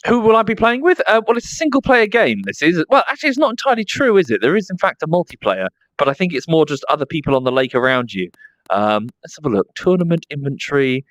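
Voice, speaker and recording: A man with an Estuary English accent talks casually through a livestream, his pitch bouncing up and down as he reads chat and thanks subscribers. The sound is dry and close, with no room around it. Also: sing-song, quick pace, a bit bright, no echo. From south of England. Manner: chatty, fondly baby-talks to his dog between remarks.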